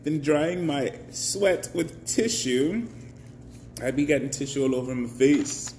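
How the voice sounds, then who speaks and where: A man's voice: fairly high pitch, a little slow, darkish tone, a little hiss or hum. A man hosting a casual live stream, chatty, greeting viewers by name and laughing often.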